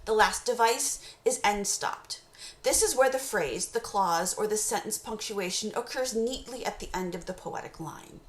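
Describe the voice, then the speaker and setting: A woman teacher giving a recorded course lecture on poetry, explaining terms in a measured way and reading short poem excerpts slowly aloud. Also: medium pitch, echoey room.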